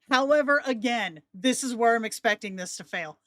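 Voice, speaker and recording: A woman's voice: a little high, lively intonation, normal speed, hardly any pauses, a bit bright, no room sound, clean studio sound. A woman hosting, giving chatty, candid tutorial commentary. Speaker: host.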